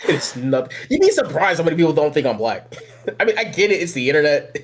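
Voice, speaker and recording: A man's voice: a little high, huge pitch swings, fast. Boisterous young Southern man, laughing. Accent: Southern American. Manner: boisterous, outgoing, laughs often. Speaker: podcast host, anime YouTuber. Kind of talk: casual podcast chat.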